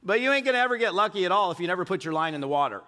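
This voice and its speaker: High, bright-voiced keynote speaker on stage. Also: male voice, racing, a little hiss or hum. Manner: energetic storytelling with audience questions. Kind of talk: live motivational keynote. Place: large event hall on stage.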